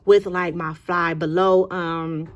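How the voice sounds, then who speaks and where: A woman's voice: fairly low pitch, level tone, slow, voice pushed down. A woman voicing a kind, resilient young woman who is newly married with twins, talking in a casual, chatty way with lots of fillers.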